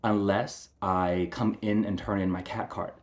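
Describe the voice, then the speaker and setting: A young man telling a personal story to the camera, halting with many fillers and restarts, growing heated when he recounts a confrontation. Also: fairly low pitch, level tone. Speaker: veteran telling his story.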